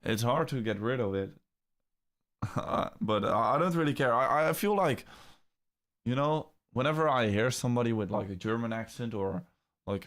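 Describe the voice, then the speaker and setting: A young man with a Dutch accent chats loosely through a live crypto stream, answering viewers' comments. His voice sits a little low, and he often repeats words and restarts his sentences as he talks. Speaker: crypto livestream host. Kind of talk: casual livestream chat reading comments.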